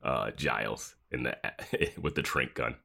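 A man's voice: a bass voice, measured pace, vocal fry, sharp tone. A man co-hosting a podcast in casual chat, laughing often as he talks. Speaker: podcast co-host.

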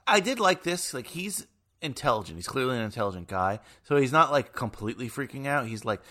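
A man's voice: mid-range voice, quick pace. A man co-hosting a podcast, chatting casually and ramblingly about a film. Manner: rambling, animated, lots of fillers. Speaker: podcast co-host.

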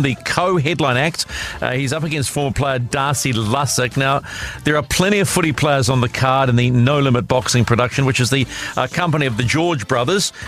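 A man hosting a sports radio show, chatting and teasing his guest in a casual, lively interview. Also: mid-range voice.

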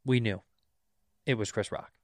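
A man co-hosting a casual comedy podcast, needling his partner with deadpan, teasing short replies. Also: lowish voice, normal speed, no echo, studio quality. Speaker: podcast co-host. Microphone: studio mic.

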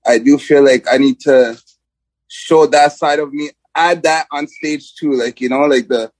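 A man's voice: fairly high pitch, fairly even intonation, measured pace, dry recording. Rambling young man, dry close sound. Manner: rambling, lots of "like" and "you know", laughs easily. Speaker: guest rapper. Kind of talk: casual interview chat.

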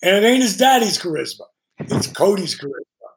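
A man who is a guest on a podcast, telling profane, animated stories and acting out the voices of people he quotes. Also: high-pitched, fairly quick. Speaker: guest, retired pro wrestler. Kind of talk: profane storytelling podcast chat.

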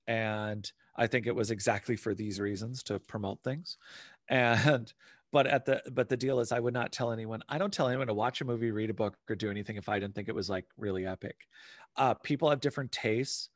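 A man talking in a rambling, animated casual chat and swearing now and then. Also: on the low side, fairly quick, dry recording, clean studio sound.

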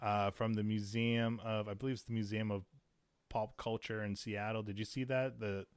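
A man's voice: fairly low pitch, little pitch movement, moderate pace, clear, resonant tone, no echo. A man in his forties hosting a casual chat, rambling with lots of fillers and restarts.

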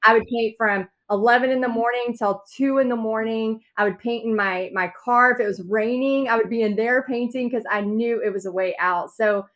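Podcast guest: animated female storyteller, slightly high voice, acts out every quote. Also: normal speed, few pauses.

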